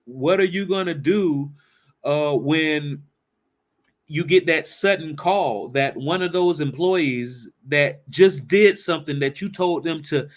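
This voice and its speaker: A man tells a story in a conversational manner, often asking "right?" His voice sits slightly high for a man. He moves from a relaxed story into questions aimed at the listener. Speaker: financial planning speaker. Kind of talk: storytelling talk to camera.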